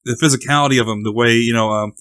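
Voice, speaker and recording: A man hosting a podcast, asking halting, filler-heavy interview questions. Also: mid-range voice, fairly even intonation, fairly bright tone, no room sound. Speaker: podcast host.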